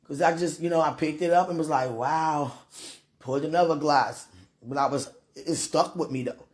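With a low voice, a woman gives an emotional, tearful prayer and personal message, her speech halting as she softly laughs and sighs.

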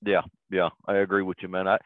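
A man's voice: sits low, monotone, quick pace, no echo. A man co-hosting a casual movie review podcast, talking in a laid-back, drawling way and swearing casually. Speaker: podcast co-host. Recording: tinny, dry phone-like line.

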